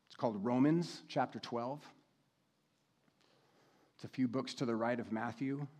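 A man preaching a sermon, speaking in a measured way and slowing down deliberately when he reads scripture aloud. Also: medium pitch, steady tone, a little mellow. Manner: measured, slows to read scripture. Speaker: pastor.

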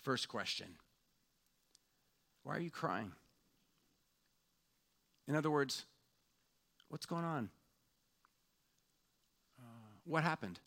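A man delivers a sermon from the pulpit at an unhurried pace, speaking in a mid-range voice. He often lowers his voice to a near hush as he asks questions and lingers over each phrase. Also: animated, gravelly. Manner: slow, reflective preaching that drops to a hushed tone. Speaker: pastor.

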